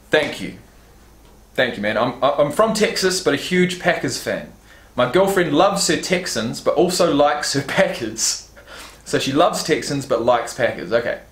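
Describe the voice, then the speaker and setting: A man's voice: mid-range voice, expressive, normal speed, a bit bright. A man casually unboxing fan gifts on his vlog, reading card stats and a letter aloud and swearing now and then. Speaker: YouTube vlogger. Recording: roomy echo.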